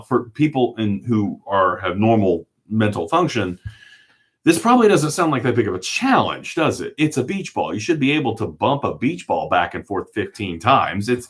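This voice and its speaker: A man telling a personal story to camera in an animated way, often laughing as he recounts it. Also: fairly low pitch, moderate pace. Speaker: mental health vlogger.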